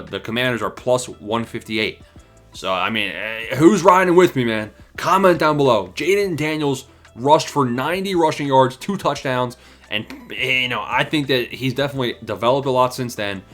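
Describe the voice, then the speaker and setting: A young man with a medium-pitched, fairly bright voice casually calls his football picks for viewers, sounding out of breath. He's hyped and slangy, addressing them as "boys" and "bro" in loose sports betting talk, as a sports predictions host.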